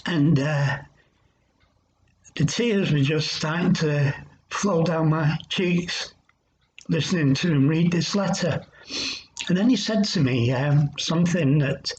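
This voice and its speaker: A man giving a personal testimony in an earnest, reflective way, pausing as he tells his story. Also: a little high, darkish tone. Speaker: Christian recovery speaker. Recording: dull lo-fi sound.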